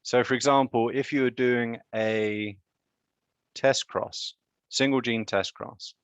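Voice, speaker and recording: A man's voice: medium pitch, fairly even intonation, slow pace, clean tone, no room sound. A man lecturing on genetics in a live online class, chatty and quizzing students with joking asides.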